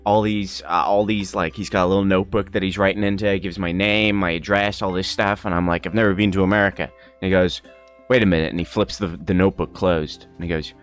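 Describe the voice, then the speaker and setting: A young man from Ireland tells a story on a livestream in a casual, animated way, swearing, laughing and acting out the people in it. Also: lowish voice, moderate pace, faint music behind. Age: young adult. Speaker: streamer.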